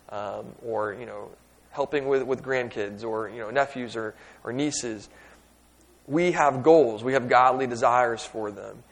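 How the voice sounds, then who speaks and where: A middle-aged man, a youth minister telling a casual, humorous story that leads into a sermon point. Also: mid-range voice. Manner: casual anecdotal, self-deprecating humor.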